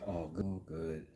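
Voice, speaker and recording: Slow-talking man muttering over his woodwork. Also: low-pitched, very noisy. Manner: muttering to himself with joking asides. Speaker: vlog host. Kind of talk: casual running commentary while woodworking.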